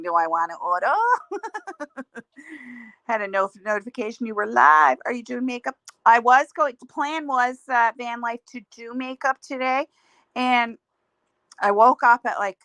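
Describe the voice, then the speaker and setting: A middle-aged woman talks casually on her livestream, rambling from one thought to the next and reading out viewers' comments as she goes. Her voice is bright and a little high for a woman. The sound is dry and close, with almost no room around it. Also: no echo. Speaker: livestream host.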